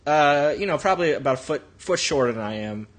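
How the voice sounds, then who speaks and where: A man's voice: on the high side, animated, quick pace. A man co-hosting a podcast, telling a rambling, profane anecdote in casual chat. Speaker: podcast co-host.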